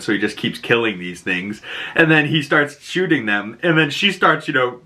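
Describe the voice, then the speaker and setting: A man with a Boston accent talks through a show recap in a loose, animated way. His voice is bright and forward, and he swears freely as he pops into high-pitched impressions of the characters. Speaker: pop culture recap host. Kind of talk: casual episode recap.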